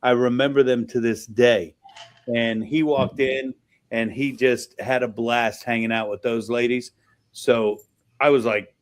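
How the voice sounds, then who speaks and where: A man's voice: mid-range voice, fairly even intonation, unhurried. A middle-aged man, a chef hosting the show, chatting casually, cursing freely and laughing as he acts out quotes. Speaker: chef and host. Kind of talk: casual chat.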